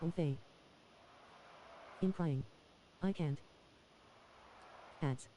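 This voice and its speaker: A woman heckling and teasing a streamer over a voice call, heard quietly through his setup. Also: sits low, drawn-out words, slight background noise, rough recording. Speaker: caller on a voice call.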